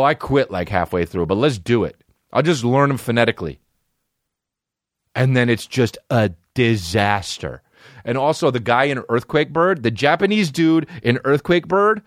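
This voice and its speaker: A man's voice: no echo, clean studio sound. Profane, rambling man on a comedic rant. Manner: profane, rambling, excitable with sudden high-pitched outbursts. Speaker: podcast host.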